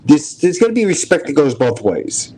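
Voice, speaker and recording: A man's voice: a little high, very animated, normal speed, dark tone, slightly rough. A middle-aged man with a New York accent, a retired police officer hosting a casual stream, telling blunt, profane stories and acting out the dialogue. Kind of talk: casual live-stream chat.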